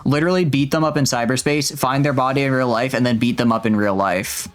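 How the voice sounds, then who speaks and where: Game streamer, sarcastic and jokey, mid-pitched, game music faint underneath. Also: steady tone, fast. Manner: joking, sarcastic, crude asides. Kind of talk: game commentary and reading dialogue aloud.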